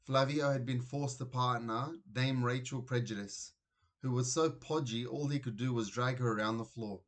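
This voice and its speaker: A man narrating a children's storybook aloud in an expressive reading voice. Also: medium pitch, moderate pace. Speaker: reader.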